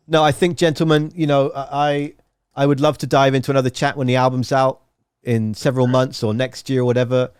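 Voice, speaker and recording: A man hosting a casual interview podcast, telling long rambling stories in an animated way. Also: medium pitch, smooth, no room sound, studio quality. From England. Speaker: podcast host.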